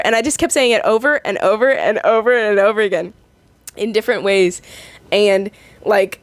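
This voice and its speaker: A woman's voice: mid-range voice, normal speed, no echo. A young adult woman casually reading online comments aloud and reacting to them, giggly and chatty, often stumbling and restarting her sentences.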